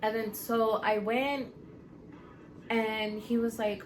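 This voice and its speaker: Woman, podcast co-host, profane, animated, faint background hiss. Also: a little high, slow pace. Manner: animated, profane storytelling, acts out quotes loudly. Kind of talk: casual chat.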